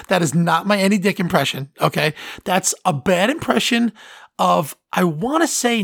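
Guy rambling on his podcast, gravelly kinda high voice, dry close sound. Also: a bit bright, dry recording. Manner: rambling, enthusiastic, many fillers and restarts. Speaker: podcast host. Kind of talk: casual chat.

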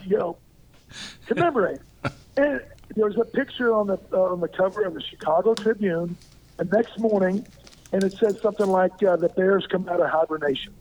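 Older man, from Arkansas, interview guest, animated storyteller, high voice, tinny phone line. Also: a little hiss or hum. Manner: lively anecdotal storyteller who acts out quoted lines. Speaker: guest, former pro football player.

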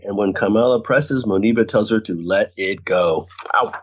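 Male podcast co-host, husky, fairly low voice, casual recap, dull lo-fi sound. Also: moderate pace. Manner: reads recap, laughs often, mimics characters. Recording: dull lo-fi audio.

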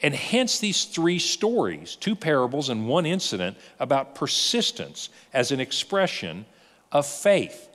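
Animated male pastor in an echoing church. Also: mid-range voice, measured pace. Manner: animated storytelling with rhetorical questions. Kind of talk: sermon.

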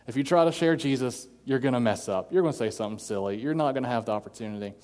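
A man delivers an earnest sermon at middling pitch, slipping into quoted voices to make his point. His words trail off into the long reverb of a large hall. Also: very fast, a little mellow. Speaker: pastor.

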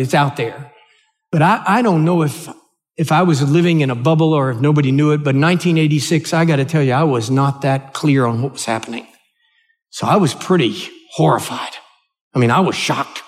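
An older man with an American accent, preaching a sermon and telling a personal story in an earnest, halting way, often restarting his words. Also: fairly high pitch. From United States. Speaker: pastor.

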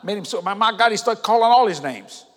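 A high-pitched man preaches a sermon in a church sanctuary. He drops to low murmurs, then climbs to shouted calls to the congregation. His voice rings through a hall with a long reverb tail. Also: expressive, quick pace.

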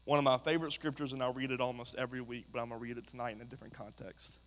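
A man preaching a sermon to a congregation, talking in a passionate way that builds to shouts. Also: mid-range voice, little pitch movement, racing. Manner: impassioned, rising to shouts. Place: church sanctuary. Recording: long hall reverb.

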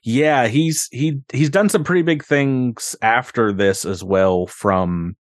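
A man co-hosting a podcast, chatting about a film in a relaxed way, laughing often and hesitating with fillers. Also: medium pitch, slow pace, no room sound, clean studio sound. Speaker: podcast co-host. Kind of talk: casual film-review chat.

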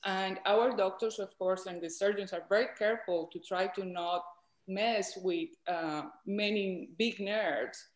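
A woman's voice: medium pitch, unhurried, reverberant. A woman from Colombia with a Colombian Spanish accent, a doctor guest patiently explaining in an interview.

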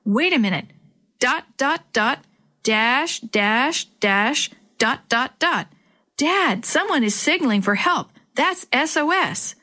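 A woman reading aloud, voicing a worried young boy who speaks softly. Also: high-pitched, lively intonation, slow, voice pushed up, exaggerated voice. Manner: soft, subdued. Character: worried young boy searching for his friend.

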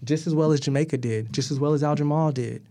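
A guest in his thirties from Atlanta, US, tells a long story casually and with animation, laughing often, swearing, and acting out what others said. He talks fast in a voice on the high side.

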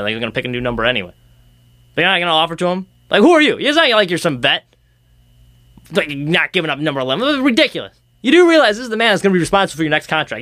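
A man's voice: a little high, fairly bright tone, no room sound. A young man hosting a casual sports talk show, rambling and ranting with sarcastic jabs. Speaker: sports podcast host.

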